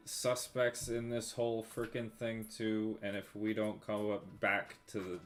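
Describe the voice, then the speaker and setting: A man player makes his case in character, casual and halting, with plenty of fillers. His voice sits low, with faint music in the background. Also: level tone. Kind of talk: in-character tabletop talk.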